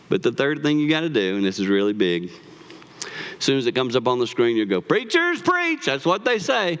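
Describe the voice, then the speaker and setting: A man in his fifties preaching in church, animated as he tells personal stories, often repeating words and laughing. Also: medium pitch, clean tone. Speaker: pastor.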